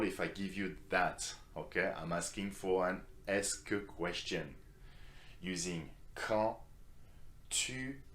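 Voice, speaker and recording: A man teaching a beginner French lesson, patient and clear, modelling phrases for learners to repeat. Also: deep voice, roomy sound.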